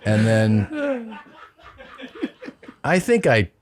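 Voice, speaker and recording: A man's voice: fairly high pitch, huge pitch swings, extremely slow, a little hiss or hum. A middle-aged man hosting a podcast, telling a long rambling anecdote in casual chat, often restarting and adding asides. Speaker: podcast host.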